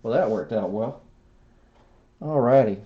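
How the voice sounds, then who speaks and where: A man walks through a robot build step by step in a slow, mellow voice, chatting to himself and correcting his course as he goes. The recording sounds dull and lo-fi, with little top end. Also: medium pitch, animated, slightly rough. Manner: folksy, self-talking, stops and corrects himself. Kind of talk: hands-on build tutorial narration.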